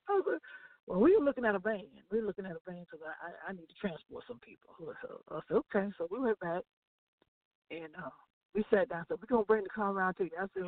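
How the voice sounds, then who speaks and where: Woman, gospel radio co-host, animated testimony, dry phone-line audio. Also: mid-range voice, fast talker, vocal fry, no room sound. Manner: animated storytelling with laughs and acted-out quotes. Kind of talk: testimony on a gospel talk show.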